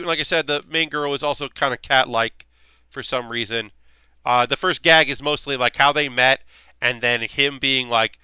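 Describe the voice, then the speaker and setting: Young guy streamer rambling along, super bright crisp voice, dry close sound. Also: medium pitch, no room sound. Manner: rambling, filler-heavy, chatty. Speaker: streamer hosting a model-building show. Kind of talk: casual livestream chat.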